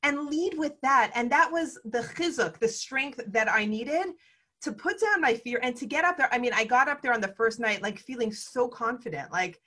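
A woman with a bright, husky voice hosts a relaxed conversation. She tells stories animatedly, acting out the dialogue and scattering "like" through her speech. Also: a little high, normal speed. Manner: animated, acts out dialogue, frequent "like". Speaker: host. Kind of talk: casual conversational storytelling.

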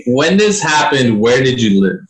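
A man's voice: mid-range voice, very animated, moderate pace. A man co-hosting a casual podcast chat, joking and pressing with questions. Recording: echoey room.

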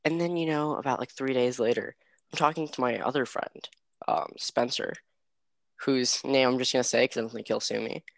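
A man's voice: medium pitch, moderate pace, vocal fry, no room sound. A young man chatting casually, telling a story and acting out quotes with lots of fillers. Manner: animated, acts out quotes, many fillers.

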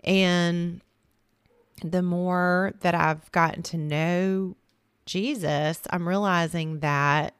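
A woman's voice: on the low side, steady tone, extremely slow, clear, resonant tone, dry recording, studio quality. A woman guest on a faith podcast, telling a personal story in a chatty way with many restarts. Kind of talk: casual faith conversation.

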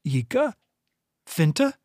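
A man's voice: on the high side, big pitch swings, a little mellow, no echo, clean studio sound, voice pushed up, full character voice. Man voicing a stern older woman leader. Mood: commanding. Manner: stern, imperious, measured. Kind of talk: audiobook character voice.

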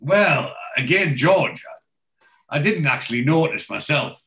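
A man's voice: a little high, expressive, a little slow, pushed and bright. A man with a rambling, chatty manner, casually recapping a TV episode as a podcast co-host.

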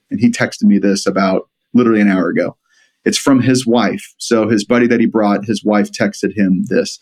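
Earnest guy on a podcast, kinda low voice, lots of quoted back-and-forth in his stories. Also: fairly even intonation, a little fast, darkish tone. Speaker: podcast guest. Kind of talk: conversational storytelling.

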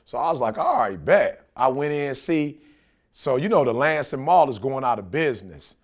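A man's voice: medium pitch, normal speed. A man on a podcast telling a story in casual chat, acting out quoted lines with lots of slang. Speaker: podcast co-host.

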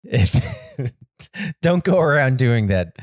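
A man's voice: medium pitch, sing-song, slow, dry recording, studio quality. A man co-hosting a podcast, chatting casually about a movie with a blunt, crude manner and frequent laughter. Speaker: podcast co-host. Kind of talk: casual movie-review chat.

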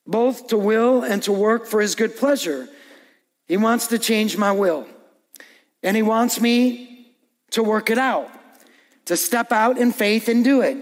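A man's voice: high-pitched, in a large hall. A man preaching a sermon as pastor, talking to the congregation in a conversational way and acting out inner voices.

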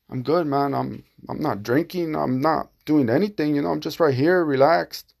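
A man with a slightly higher, gravelly voice tells a personal story in a loose, rambling way. He acts out the back-and-forth of the people in it and leans on plenty of fillers as he goes. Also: normal speed, a little mellow. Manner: rambling, many fillers, acts out quoted exchanges. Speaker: podcast storyteller. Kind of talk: casual first-person storytelling.

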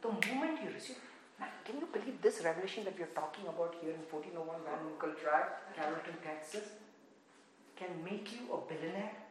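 A woman with an Indian accent preaching an impassioned sermon in a church, swinging from loud exclamations to hushed murmurs. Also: lowish voice, animated, a little fast, heavy reverb, noisy background. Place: church in Texas.

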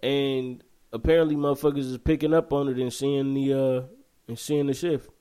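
A man's voice: mid-range voice, moderate pace, clean tone. A man from the United States hosting a podcast, chatting casually and telling stories bluntly with lots of profanity. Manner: blunt, profane, animated storytelling. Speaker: podcast host.

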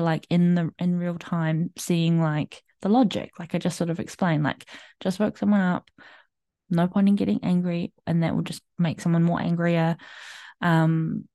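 Warm, rambling woman podcaster, dry sound. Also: lowish voice, no echo. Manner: chatty, rambling, many fillers and restarts, laughs often. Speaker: podcast host. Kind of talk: candid personal storytelling.

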